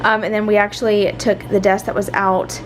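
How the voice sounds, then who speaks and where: A woman chats through a home vlog. She rambles easily and fills pauses with "like" and "um". Her voice sits at an ordinary middle pitch. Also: little pitch movement, a little hiss or hum. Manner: chatty, rambling, with many fillers. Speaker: vlogger. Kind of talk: casual home vlog chat.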